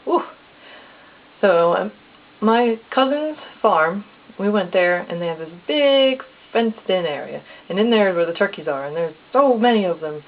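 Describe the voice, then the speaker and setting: A woman's voice: mid-range voice, animated, unhurried. A woman telling a casual personal story step by step, acting out the dialogue in plain quotes. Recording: tinny phone-like lo-fi recording.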